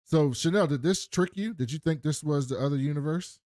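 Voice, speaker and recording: A man's voice: fairly high pitch, fairly quick, dry recording, clean studio sound. A man co-hosting a podcast, casually recapping an episode and acting out the characters' lines. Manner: animated retelling with acted quotes. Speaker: podcast co-host.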